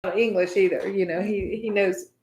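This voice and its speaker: A woman's voice: medium pitch, fairly even intonation, normal speed, darkish tone, reverberant. A woman from the United States teaching meditation in a casual, chatty way, often checking in with "right?".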